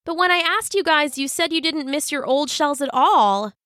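An anxious, plaintive little male hermit crab from a children's storybook, as a woman gives him voice, his questions pitched up high. The recording is dry and close. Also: expressive, normal speed, bright, forceful tone, no room sound. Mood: frustrated. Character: young male hermit crab, worried and unsure. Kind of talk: storybook reading.

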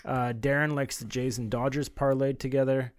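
A man hosting a casual betting podcast, reading out a list and thinking aloud with many pauses. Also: medium pitch, level tone, a little hiss or hum. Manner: hesitant, lots of uh fillers, reasoning aloud. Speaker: podcast host reading out the bets. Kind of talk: casual chat.

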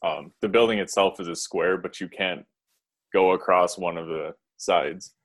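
Young male co-host, deep voice, slow hesitant delivery. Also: steady tone. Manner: hesitant, many ums and pauses. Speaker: podcast co-host. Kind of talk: casual storytelling chat.

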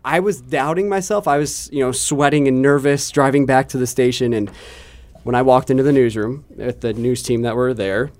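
A man's voice: mid-range voice, steady tone, moderate pace, darkish tone. A man, a TV news reporter, chatting casually and telling a self-deprecating story with many restarts. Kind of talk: casual chat, telling an anecdote.

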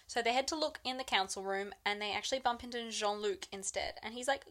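A chatty young woman with a slightly high voice recaps a novel for a podcast. She moves through the plot at an easy pace and slips into quick acted-out lines for the characters. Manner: animated retelling, acting out characters' lines. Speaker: book podcast co-host. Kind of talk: casual book recap chat.

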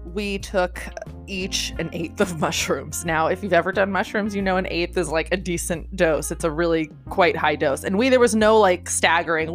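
A young woman with a fairly low voice tells a personal story in a casual, rambling way, swearing freely and packing her lines with filler. She jumps sharply higher whenever she quotes someone. Faint music plays quietly behind her. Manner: chatty, lots of filler words and swearing; animated, jumps high when quoting people.

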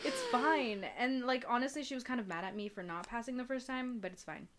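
Teen girl, a bit high voiced, lots of oh my god and quick reactions. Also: slight background noise. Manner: reactive, exclaiming and laughing, quick back-channel replies. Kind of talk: casual chat.

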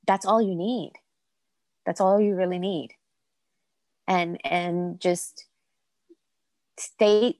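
A Colombian mother of four, guesting on a podcast, speaks earnestly in heartfelt interview fashion, repeating phrases for emphasis. Her voice sits on the low side with a darkish tone, and the recording has no echo.

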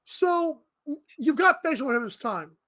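A woman's voice: high-pitched, lively intonation, measured pace, fairly bright tone. A woman hosting a morning show podcast, chatting casually with a guest and laughing often.

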